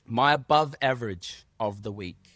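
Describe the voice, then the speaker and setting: Aussie guy on a podcast, jokey and self-deprecating, middle pitch, just chatting. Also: moderate pace, fairly bright tone, no room sound. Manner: joking, self-deprecating storytelling. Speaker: podcast co-host. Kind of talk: casual chat.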